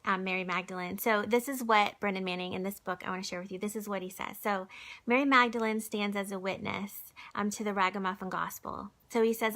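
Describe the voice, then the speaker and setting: Soft-spoken woman reading a devotional. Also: medium pitch, steady tone, fairly quick. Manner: gentle and conversational, with many fillers and restarts; drops to a soft whisper at times. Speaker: church devotional speaker. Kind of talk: informal devotional book reading. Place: recorded video message.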